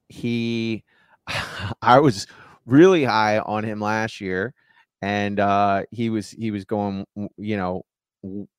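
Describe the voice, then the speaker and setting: Male co-host, lowish resonant voice, casual and halting, stammers through stats, dry close mic. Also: clean tone, no echo. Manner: halting, stammers and restarts, laughs easily. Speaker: podcast co-host. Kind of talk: casual sports podcast chat.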